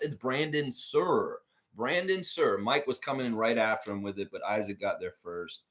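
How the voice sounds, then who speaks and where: Animated American man hosting a trivia stream. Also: mid-range voice, moderate pace. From United States. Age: middle-aged. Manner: animated, reads chat comments aloud, laughs often. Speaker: trivia livestream host. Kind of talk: casual live-stream trivia chat.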